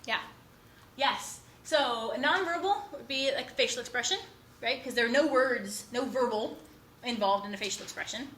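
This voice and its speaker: A woman instructor lectures at a rapid clip, bright and energetic, tagging her points with "right?". She is recorded in an echoey classroom with a faint hum of noise behind her. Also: on the high side. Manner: fast-talking, animated, keeps asking "right?".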